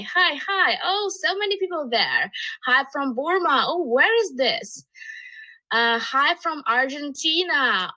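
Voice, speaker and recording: Upbeat woman hosting a webinar, high voice. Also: bright, forceful tone, rough recording. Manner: upbeat, reads chat messages aloud. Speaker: webinar host. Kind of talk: live webinar hosting, greeting chat.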